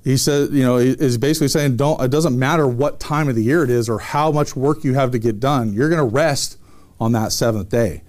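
A man's voice: mid-range voice, expressive, normal speed, a little mellow. A man preaching a sermon, reading scripture and then commenting on it in an emphatic, conversational way with frequent restarts.

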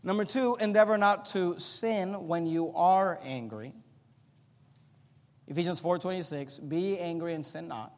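A middle-aged man preaching a sermon as pastor, swinging from loud, emphatic points to quiet, low asides. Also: unhurried. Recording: long hall reverb.

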